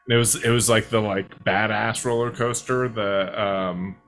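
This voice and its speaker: A man's voice: fairly low pitch, steady tone, normal speed, a bit bright, faint music behind. Give me a man in casual podcast chat, telling a meandering story with lots of fillers. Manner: rambling storyteller, many fillers. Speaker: podcast co-host.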